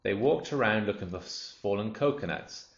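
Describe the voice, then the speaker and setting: A man narrating a children's story aloud in a steady, expressive reading voice. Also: lowish voice, normal speed, creaky. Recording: roomy, dull lo-fi.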